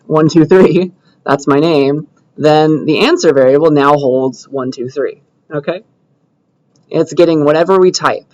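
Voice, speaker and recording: A man's voice: a little high, dull audio. A young man giving a computer science lecture with a live coding demo, talking casually and often checking in with "right?" and "okay?". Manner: conversational, checks understanding with frequent "right?" and "okay?".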